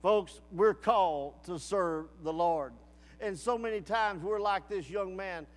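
A man preaching with a strikingly high voice. He tells homespun stories and climbs into emphatic, excited peaks. His words ring out with a long reverb through a large church sanctuary. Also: measured pace. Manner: folksy storytelling with emphatic rising outbursts. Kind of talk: sermon.

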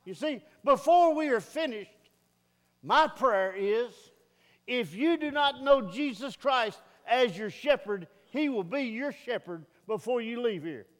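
A man's voice: very high voice, expressive, a little slow, fairly bright tone. A middle-aged male pastor preaching a sermon in a church sanctuary, folksy and plain-spoken, swelling into emphatic peaks. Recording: long reverb of a church hall.

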